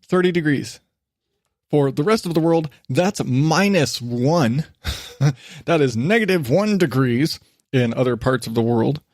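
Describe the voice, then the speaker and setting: Male podcast host, mid-high voice, casual self-deprecating rambler, swears freely, dry home recording. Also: animated, unhurried, pauses often, a little mellow, no room sound. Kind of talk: casual solo podcast monologue. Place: home desk.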